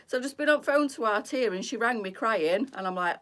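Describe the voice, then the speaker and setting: A woman's voice: a little high, animated, fairly quick, a bit bright. A middle-aged woman, hosting a casual live stream and chatting with her viewers, greeting them by name and rambling freely.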